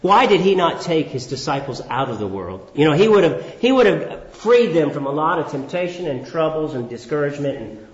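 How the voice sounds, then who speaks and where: A man preaching a sermon who asks the congregation questions and answers them himself, swinging between raised, emphatic phrases and low, drawn-out words. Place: church hall. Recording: echoey, dull church hall recording.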